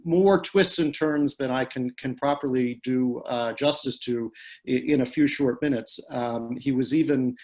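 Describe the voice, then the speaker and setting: A man's voice: medium pitch, unhurried, a little mellow. A man speaking on a video call, telling a story with frequent fillers and restarts. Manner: hesitant, many fillers and restarts. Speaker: guest speaker.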